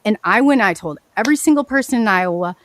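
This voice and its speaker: A woman guest telling her story in a casual, animated, rambling way, often restarting her sentences. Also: medium pitch, quick pace. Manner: animated, rambling, frequent restarts and self-corrections.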